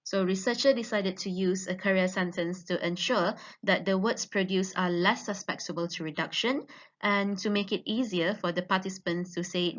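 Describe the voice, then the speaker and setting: A woman student giving an academic presentation on her research, explaining slowly with frequent ums. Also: lowish voice, fairly bright tone. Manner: measured, explanatory with fillers. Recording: dull lo-fi recording.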